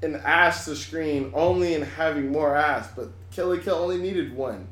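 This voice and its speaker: An excitable man trades crude jokes in a loose podcast chat, cursing as he goes. His voice sits a bit high for a man. It rings around a hard, echoey room. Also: normal speed. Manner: excitable, swears freely. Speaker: podcast co-host. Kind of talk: casual chat.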